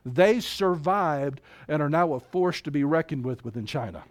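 Fervent male preacher, higher voice. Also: animated. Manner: preaching, fervent, reads scripture aloud, quick bursts. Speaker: pastor. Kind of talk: sermon.

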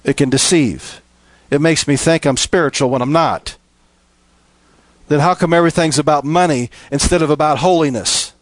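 A man preaching a sermon, building from steady teaching to impassioned, emphatic appeals. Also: a little high, normal speed, dry recording.

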